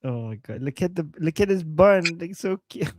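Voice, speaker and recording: A man's voice: fairly high pitch, very animated, moderate pace, no echo. A man from Iran co-hosting a casual live stream, amused and laughing often as he talks. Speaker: co-host.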